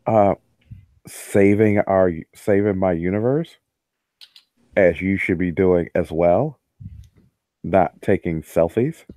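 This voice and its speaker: A young man describing his moves in a tabletop game, laid-back and joking as he draws his words out. His voice sits very low and sounds dry and close. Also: slow, long pauses, dark tone, no room sound. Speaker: player.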